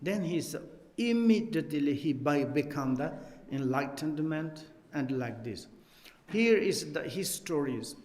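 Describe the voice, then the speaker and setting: Slow-spoken man teaching in an echoing hall. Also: fairly high pitch, lively intonation, a little mellow. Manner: halting non-native English, many restarts; jokes and laughs with listeners. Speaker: Buddhist teacher. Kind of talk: teaching on a text, telling a story.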